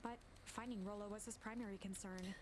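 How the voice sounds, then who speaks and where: A woman narrating a story game in an even storybook manner. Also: medium pitch, fairly quick. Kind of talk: scripted narration.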